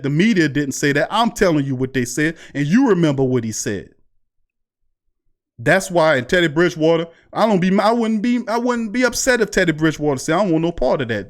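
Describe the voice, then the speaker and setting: A man hosting a live sports talk stream, heated and repeating rhetorical questions to his chat. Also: fairly high pitch. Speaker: sports show host.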